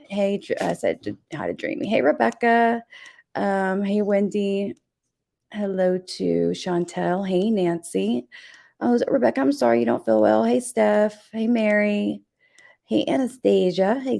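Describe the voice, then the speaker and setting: A woman's voice: medium pitch, creaky, darkish tone. A woman hosting a casual livestream, chatty and rambling, greeting viewers by name. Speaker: livestream host. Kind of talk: casual chat.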